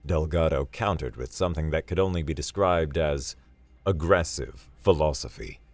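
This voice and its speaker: A man narrating a sci-fi story in a dry, steady storytelling manner. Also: very deep voice, normal speed, no echo, soft background music. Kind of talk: scripted narration.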